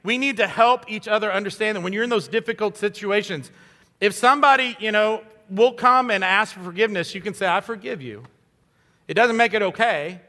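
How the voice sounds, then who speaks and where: A man's voice: sits high, sharp tone. A man in his fifties preaching a sermon as guest pastor, conversational and self-deprecating, with frequent fillers. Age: 50s. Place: church. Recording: hall reverb.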